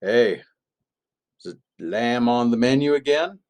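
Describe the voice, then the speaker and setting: A man's voice: medium pitch, expressive, a little slow, a little mellow, lightly acted. A man voicing a sly, hungry wolf-cow villain in a children's story, gloating over a meal of lamb.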